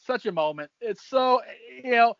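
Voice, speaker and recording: A man in his thirties with a high voice chats casually, reacting with exclamations and curses as he watches. The sound is dull, dry and close, with no room around it. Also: animated, moderate pace, a bit bright, dry recording. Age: 30s. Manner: emotional, swearing, laughing, exclaiming. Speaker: podcast co-host. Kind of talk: casual chat watching a match.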